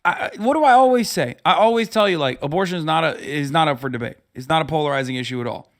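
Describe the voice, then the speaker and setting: A man's voice: a little high, quick pace, fairly bright tone. A man streaming, ranting in a sarcastic, profane, casual way. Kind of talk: casual live-stream commentary.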